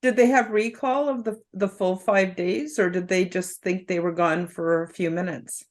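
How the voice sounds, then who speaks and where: Calm woman interview host. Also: on the low side, moderate pace. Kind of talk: interview hosting.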